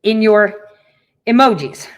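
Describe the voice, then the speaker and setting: A woman's voice: medium pitch, animated, takes it slowly. A middle-aged woman hosting a talk show, telling stories and ranting bluntly with frequent swearing and laughs. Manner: blunt and profane, storytelling with laughs. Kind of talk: casual monologue to listeners.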